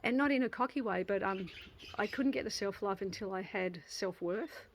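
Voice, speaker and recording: A woman in her fifties talks straight to camera in a casual motivational vlog. Her voice sits at an ordinary mid pitch. She speaks earnestly and from the heart, circling back and restarting her phrases as she works her thoughts out aloud. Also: moderate pace, a little hiss or hum, poor audio. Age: 50s. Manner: earnest and heartfelt, with frequent restarts and soft laughs. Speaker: channel host.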